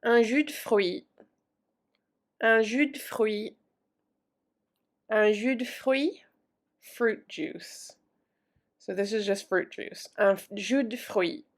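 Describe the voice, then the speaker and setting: A woman runs a French vocabulary lesson at an unhurried pace. She repeats each word several times before explaining it in relaxed English, with a gravelly edge to her voice. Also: a little high. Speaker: French teacher.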